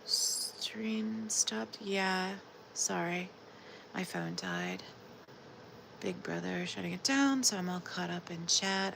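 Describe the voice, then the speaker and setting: A tired woman with a sore, scratchy throat chatting casually on a late-night livestream, drifting into soft whispers. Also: medium pitch, fairly even intonation, slow, vocal fry. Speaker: livestream host.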